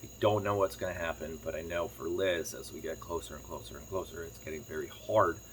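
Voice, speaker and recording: A man chatting casually to camera as a farm vlogger, telling a rambling story quickly while sitting on his kitchen floor. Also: low-pitched, fairly even intonation, slight background noise. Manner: rambling, fast-talking storyteller.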